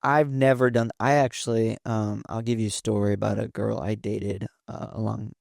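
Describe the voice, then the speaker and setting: A young man in his late teens, the host's son, appears as a podcast guest, telling rambling stories full of fillers and restarts. His voice is lowish, gravelly and somewhat dark, with little pitch movement and a moderate pace; the studio-quality recording has no room sound.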